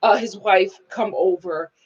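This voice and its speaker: A woman's voice: medium pitch, a little slow, breathy edge, muffled recording. A woman doing a live review of a reality TV episode, telling it dramatically and breaking into laughter.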